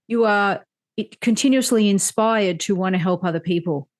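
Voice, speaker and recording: A woman host speaks in a middle-pitched voice, reflective and earnest. She muses at length and backs up her guest warmly in conversation. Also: moderate pace. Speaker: podcast host. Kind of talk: casual interview.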